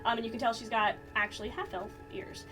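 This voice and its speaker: A woman's voice: a little high, fairly even intonation, quick pace. A woman narrating as game master, rambling and laughing as she describes the scene. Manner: rambling, giggly. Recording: distant mic with music behind.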